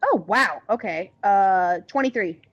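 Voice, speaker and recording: A woman player in a tabletop game, talking in an eager, matter-of-fact way. Her voice sits at an ordinary middle pitch. It comes through a dull, lo-fi mic. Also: animated, measured pace.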